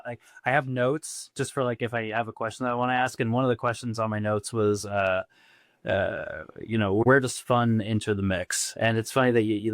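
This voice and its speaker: A man hosts a casual interview, his questions loose and full of "like"s. His voice sits a little low and sounds dry and close. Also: no room sound. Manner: relaxed, searching for words with many "like"s. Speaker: podcast host.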